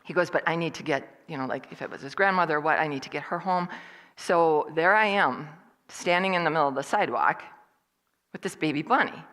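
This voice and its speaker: An older woman telling personal stories as a motivational speaker, animated and acting out the voices of the people she quotes. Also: low voice, brisk. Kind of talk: storytelling talk. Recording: long hall reverb.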